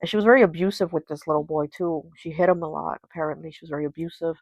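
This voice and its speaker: Woman casually retelling a story, lots of fillers, bit of a low voice, dry close sound. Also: rapid-fire, a little mellow, no room sound, low-quality recording. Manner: chatty, heavy with fillers like "you know" and "like". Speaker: tarot reader and channel host.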